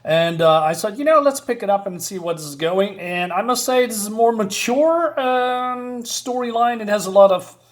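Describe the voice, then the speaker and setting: Man, fairly high voice, hesitant, fillers, casual comic review. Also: moderate pace, few pauses. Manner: hesitant, many fillers, chuckling asides.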